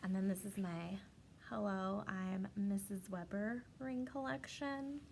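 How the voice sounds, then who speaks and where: A woman's voice: mid-range voice, steady tone, measured pace, vocal fry, a little mellow, slight background noise. A young woman teaching an online kindergarten class in a playful, sing-song way, stretching her words and often repeating herself.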